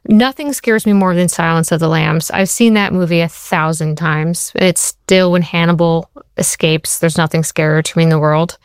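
Low-pitched woman with a smooth voice. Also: steady tone, normal speed, few pauses, no room sound, studio quality. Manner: storytelling, quotes people in shifted voices. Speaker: TV writer and show creator. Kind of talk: interview.

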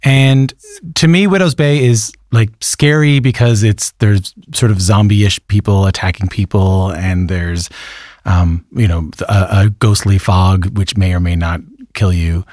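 A man of middle pitch interviews his guest with long, searching questions, restarting his sentences often. His voice is recorded dry, with no room sound. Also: a little slow, darkish tone, no echo. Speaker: interviewer, host. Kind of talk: conversational interview.

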